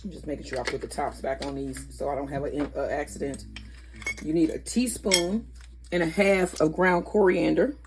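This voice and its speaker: A woman's voice: low-pitched, fairly even intonation, moderate pace, noisy background. A woman hosting a casual cooking vlog in her home kitchen, chatty and correcting herself as she goes. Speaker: cooking channel host.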